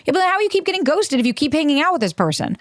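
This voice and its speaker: A woman's voice: sits high, sing-song, rapid-fire, no echo, clean studio sound. A woman hosting a self-help podcast, talking bluntly with plenty of swearing and acting out the voices of the people she quotes. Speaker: podcast host.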